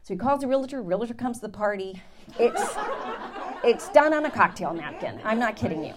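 A woman Bible teacher giving an animated, dramatic testimony to her class, with laughs. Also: fairly high pitch, a little fast, background noise. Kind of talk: sermon storytelling.

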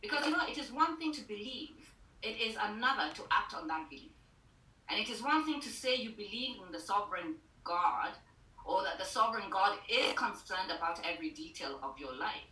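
Bright-voiced woman preaching on a video call. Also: mid-range voice, animated, brisk. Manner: earnest, asks the listeners direct questions. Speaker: Bible teacher. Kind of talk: online sermon. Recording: roomy, distant mic.

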